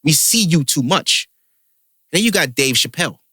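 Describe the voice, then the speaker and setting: A man's voice: fairly high pitch, very animated, normal speed, bright, forceful tone, husky, no room sound, clean studio sound. A man hosting a podcast, a comedian ranting in heated, profane casual chat.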